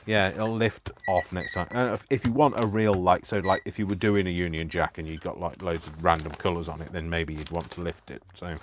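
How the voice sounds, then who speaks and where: A man's voice: low-pitched, fairly even intonation, brisk, few pauses, noisy background. A man hosting a live craft stream, chatty and self-mocking, laughing often as he works. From United Kingdom. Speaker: crafting channel host.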